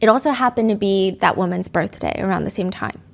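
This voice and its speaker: A woman's voice: mid-range voice, fairly quick, creaky. A woman hosting a podcast, telling a court story in a casual, conversational way. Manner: conversational, reads quoted texts aloud with feeling. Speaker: podcast host.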